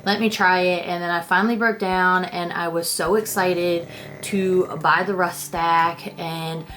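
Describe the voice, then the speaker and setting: A woman's voice: fairly low pitch, little pitch movement, unhurried, a bit bright, a little hiss or hum. A young woman vlogger chatting casually about her makeup, rambling and self-deprecating, with casual swearing. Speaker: beauty vlogger. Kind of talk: casual makeup declutter chat.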